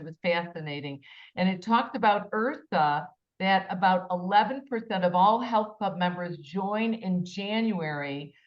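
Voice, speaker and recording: Woman, talk show host, chatty, enthusiastic, lowish voice, dull lo-fi call audio. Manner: enthusiastic, chatty, spells words out. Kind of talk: casual panel discussion. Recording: slightly muffled lo-fi audio.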